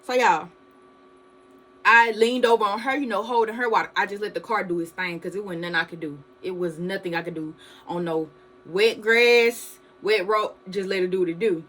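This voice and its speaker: Bright-voiced woman telling a storytime. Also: mid-range voice, normal speed, rough recording. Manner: animated storytelling, addresses viewers as "y'all". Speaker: vlogger. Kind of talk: storytime vlog.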